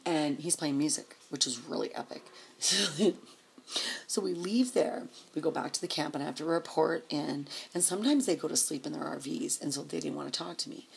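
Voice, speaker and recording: A woman's voice: deep voice, moderate pace, gravelly, a little mellow, slightly rough. A woman vlogger telling a rambling, profane story in a casual way, chuckling as she goes.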